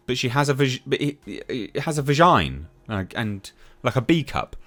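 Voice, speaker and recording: A man hosting a movie news channel, ranting in a scornful, sarcastic way, his voice jumping high when worked up. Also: big pitch swings, normal speed, fairly bright tone, faint music behind. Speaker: YouTube movie news commentator. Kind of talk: opinionated rant to camera.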